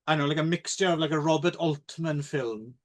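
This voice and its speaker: Guy rambling about movies on a podcast, lots of ums, kinda high voice. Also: fairly quick. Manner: rambling, hesitant, lots of fillers. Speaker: podcast co-host. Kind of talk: casual film chat.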